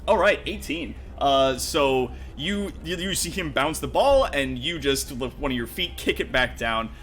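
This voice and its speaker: A man's voice: medium pitch, a little slow, slight background noise. A man running a tabletop game as game master, narrating with lots of fillers and laughter. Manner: animated, laughing, filler-heavy.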